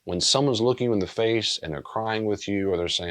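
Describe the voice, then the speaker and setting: Deep-voiced man giving pastoral advice. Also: fairly quick. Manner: earnest and gentle, repeats key phrases. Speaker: pastor and counselor. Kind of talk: pastoral teaching talk.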